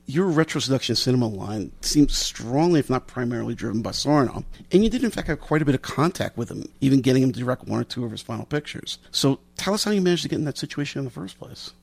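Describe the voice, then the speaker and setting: A man hosting an interview, reading a measured, articulate introduction and asking questions. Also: medium pitch, animated, creaky, darkish tone, dry recording. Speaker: podcast host.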